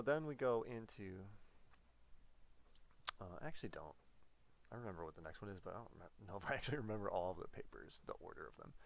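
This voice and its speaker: A man's voice: lowish voice, creaky. A man giving a casual whiteboard biology lecture, playful and rambling, often correcting himself as he goes.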